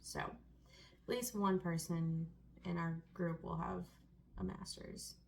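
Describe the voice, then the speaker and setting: A woman's voice: fairly low pitch, fairly even intonation, takes it slowly, gravelly, noisy background. A young woman in her twenties co-hosting a casual sit-down chat, talking freely with many fillers and laughs. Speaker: co-host.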